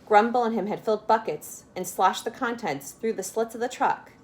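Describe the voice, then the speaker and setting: A woman's voice: on the high side, normal speed, slight background noise. A woman reading a children's chapter book aloud, adding friendly asides that explain words to young listeners. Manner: adds asides and explanations for kids. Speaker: storyteller.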